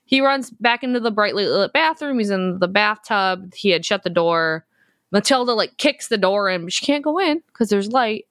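A woman in her thirties co-hosting a podcast, recapping a horror film in a lively, profane, joking way. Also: medium pitch, normal speed, clean tone, no echo, clean studio sound. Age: 30s. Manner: profane, animated storytelling. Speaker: podcast co-host.

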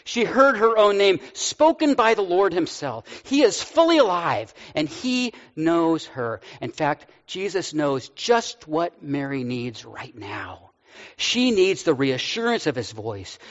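Older male pastor, sixties, relaxed storytelling sermon with gentle humor; slightly high voice, dull audio in a long-reverb church hall. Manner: storytelling, conversational with light humor.

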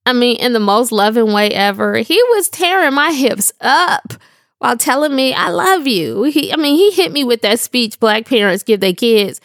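A woman's voice: fairly high pitch, normal speed, no echo, studio quality. A middle-aged woman telling a humorous devotional story in a slangy, playful way, often laughing. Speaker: devotional speaker.

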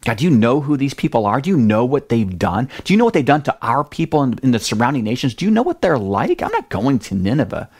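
A man's voice: medium pitch, huge pitch swings, fast talker, few pauses, darkish tone, slightly rough, heavily acted. A man voicing a biblical prophet in a sermon, talking in casual modern slang and arguing with God. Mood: indignant. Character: biblical male prophet, eager then stubborn and indignant.

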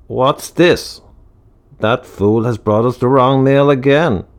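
A man's voice: medium pitch, slow pace, voice pushed up. A man voicing a stern, irritable doctor and father, clipped and exasperated. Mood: irritated.

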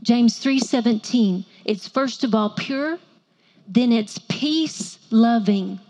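A soft-voiced woman preaches to women. Her voice sits a little high, and she keeps it gentle. She breaks into playful asides and pulls the room into call-and-response. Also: slow pace. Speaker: women's ministry speaker. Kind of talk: sermon to a women's audience.

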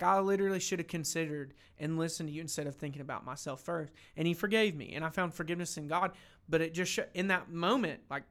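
Bright-voiced earnest young man. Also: sits high. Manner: earnest, emotional, many restarts. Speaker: lay preacher. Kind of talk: casual faith discussion.

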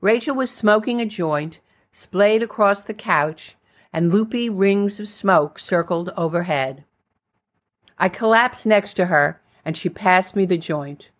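Older lady reading her memoir out, steady and plain, mid pitch. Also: a little slow. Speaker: memoir narrator. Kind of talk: scripted memoir narration.

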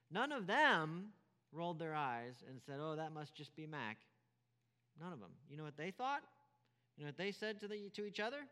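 Male pastor, emphatic sermon, rhetorical questions, lively rising and falling pitch, smooth resonant voice, long hall reverb. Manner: emphatic, repeats key phrases, rhetorical questions.

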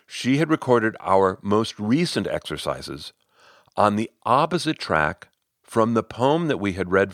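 A middle-aged man hosting his own podcast and telling a story as a speaking coach. He is expressive, climbing high when excited and sinking to near-whispers. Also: no room sound, clean studio sound. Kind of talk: solo podcast storytelling and advice.

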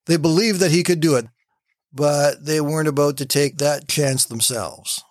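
A man hosting a short morning devotional, telling stories and reading scripture aloud with gentle emphasis. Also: mid-range voice, no room sound, studio quality. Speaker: devotional radio host.

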